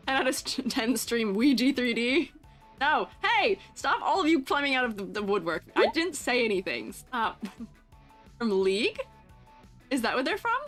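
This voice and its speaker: A woman's voice: fairly high pitch, very animated, a little slow, pauses often, fairly bright tone, faint music behind. A young woman streamer and art teacher chatting casually with her viewers, teasing and laughing often.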